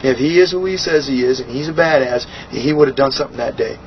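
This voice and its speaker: Middle-aged guest, blunt and profane, acts out quotes with a raised voice, dull lo-fi sound with a faint hiss. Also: male voice, fast. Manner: animated storytelling, acts out quotes with raised pitch. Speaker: interview guest. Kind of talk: shoot interview storytelling.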